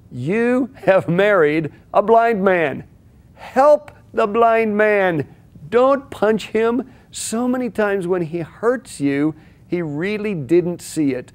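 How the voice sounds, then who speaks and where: Male marriage teacher, earnest storyteller, slightly high voice. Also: a little mellow. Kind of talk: teaching talk with illustrative story.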